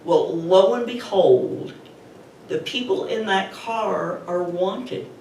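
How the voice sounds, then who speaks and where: A woman's voice: mid-range voice, slow, creaky. Chatty woman storyteller in a roomy space. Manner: animated, chatty retelling with laughs. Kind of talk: personal story told live to an audience. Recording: roomy, distant mic with faint noise.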